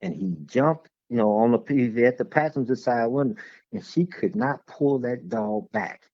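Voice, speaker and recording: Man, gravelly voice, lively pitch, dull lo-fi sound, rambling storyteller. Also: moderate pace, no echo. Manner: rambling, repeats words while telling stories. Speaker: guest. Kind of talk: casual storytelling conversation.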